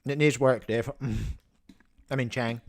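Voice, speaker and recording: Chewing a snack while he talks, a New Zealander hosts a livestream with rambling, self-interrupting jokes. His voice is mid-range, with a steady tone and a measured pace.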